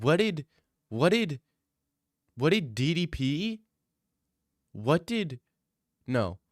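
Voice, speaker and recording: A man's voice: medium pitch, dry recording. Rambling young male streamer, dry mic. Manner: rambling, joking, many restarts. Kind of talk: casual stream chat reading donations.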